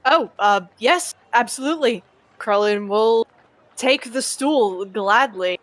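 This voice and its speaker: A woman's voice: a little high, slow pace, fairly bright tone, dry recording. A woman playing her character in a tabletop game, polite and formal. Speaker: player.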